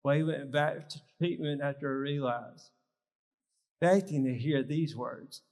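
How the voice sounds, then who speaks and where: An unhurried male speaker with a mid-range, darkish voice teaches in brief, emphatic bursts during a live health symposium workshop. The setting is a large church hall, and its long reverb is clearly audible.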